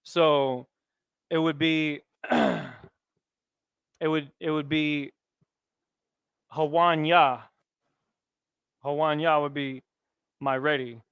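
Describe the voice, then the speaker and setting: A man's voice: on the high side, expressive, drawn-out words, pauses often, a bit bright, smooth, dry recording. A man teaching a class, talking casually and quizzing his students with questions. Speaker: Hebrew teacher. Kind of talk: classroom lesson.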